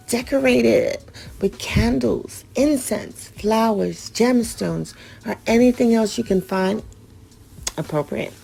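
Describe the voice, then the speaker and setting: A woman's voice: medium pitch, vocal fry, mellow. A woman hosting a radio show, reading out ritual steps and breaking off for blunt, profane, joking asides.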